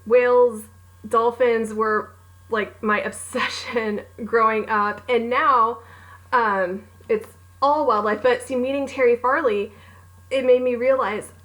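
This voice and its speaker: A woman's voice: a little high, steady tone, unhurried, fairly bright tone, poor audio. A young adult woman who is an author, chatting casually about favorite books with bubbly, gushing enthusiasm and acting out her own reactions. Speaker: author and book vlogger. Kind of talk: casual book recommendation vlog.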